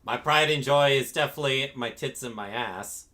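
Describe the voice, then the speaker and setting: A man's voice: mid-range voice, normal speed, bright, forceful tone. A man chatting casually on a streamed group call, joking flirtatiously and breaking into laughter.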